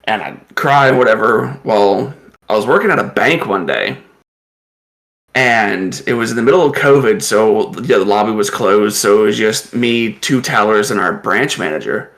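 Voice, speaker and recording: A man's voice: fairly low pitch, animated, moderate pace, a bit bright. A man co-hosting a podcast, telling rambling stories in casual chat and laughing often as he talks. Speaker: podcast co-host.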